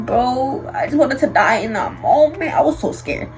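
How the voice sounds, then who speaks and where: A young woman vlogger telling a storytime in an animated, slangy way with lots of fillers. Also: high voice, normal speed, faint music behind, low-quality recording. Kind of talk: storytime vlog.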